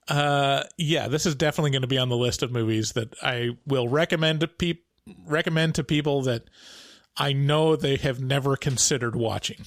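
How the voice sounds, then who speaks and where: A man co-hosting a casual podcast chat, playful and quick to laugh. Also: medium pitch, no room sound, studio quality. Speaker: podcast co-host.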